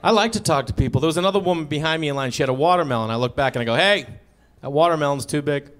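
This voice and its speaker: A man doing a stand-up comedy set on stage, acting out the people in his stories with sudden high, squeaky voices. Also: rapid-fire. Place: theater stage before a live audience.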